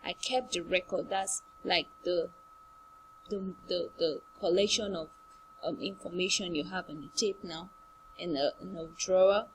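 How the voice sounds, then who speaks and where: A woman teaches an online lesson at an unhurried, deliberate pace. She repeats and stresses each word for her pupils. A faint hum sits under her voice. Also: lowish voice, fairly bright tone, rough recording.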